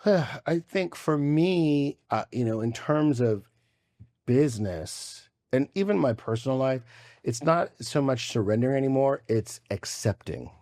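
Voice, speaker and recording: A man hosting a podcast, telling stories in an animated, casual way and swearing freely. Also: mid-range voice, a little slow. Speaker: podcast host.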